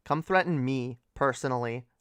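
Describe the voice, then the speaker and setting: A woman's voice: rumbling low, moderate pace, clean tone, no echo. A young woman hosting a late-night livestream, talking casually in a sarcastic, profane rant and laughing often. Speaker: livestream host.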